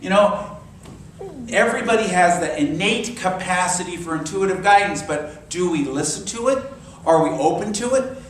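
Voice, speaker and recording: A man's voice: high voice, moderate pace, far from the mic, a little hiss or hum. Man teaching in an echoey church hall. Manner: animated storyteller, acts out quoted voices. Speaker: minister. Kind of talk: sermon-style class talk.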